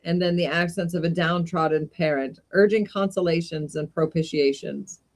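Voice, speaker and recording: A woman reading a classic short story aloud in an unhurried way, with brief casual asides. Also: on the low side, steady tone, a little mellow. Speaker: reader of short stories.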